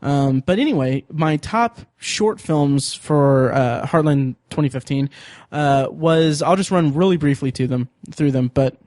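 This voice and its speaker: A man with a slightly high voice hosts a podcast, rambling eagerly with lots of ums and self-corrections. The sound is close and dry, with no room in it. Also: a little slow, no echo. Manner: rambling, excitable, many fillers and restarts. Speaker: podcast host. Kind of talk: casual chat.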